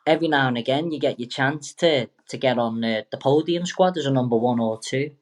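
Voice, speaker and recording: Young lad, guest boxer; loose, sweary, jokey storyteller who keeps backtracking. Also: male voice, mid-range voice, fairly quick. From England. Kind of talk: casual storytelling interview.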